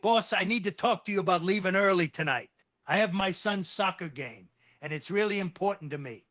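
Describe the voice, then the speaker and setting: A man's voice: sits high, a little fast, fairly bright tone. A man voicing a tired male office worker who pleads earnestly with his boss while holding his temper. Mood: pleading.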